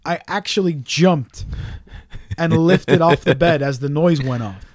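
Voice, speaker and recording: A man's voice: fairly high pitch, measured pace, darkish tone, no echo, studio quality. A man telling a long story on a casual podcast chat, swearing often and ranting in exasperation.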